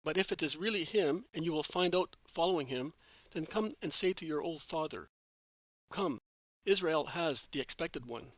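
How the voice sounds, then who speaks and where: A man reading a calm, hopeful disciple. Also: on the high side, moderate pace, no echo, rough recording.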